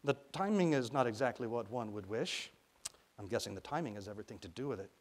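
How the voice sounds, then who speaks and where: A calm, wry grown man, voiced by a male reader speaks to a curious child with patient, gently amused warmth in an everyday tone. His pitch stays medium, and nothing about him is exaggerated. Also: quick pace, lightly acted.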